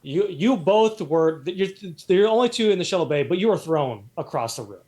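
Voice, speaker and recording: A man's voice: on the high side, lively intonation, normal speed, darkish tone. A man running a tabletop role-playing game as game master, narrating loosely with many fillers and restarts.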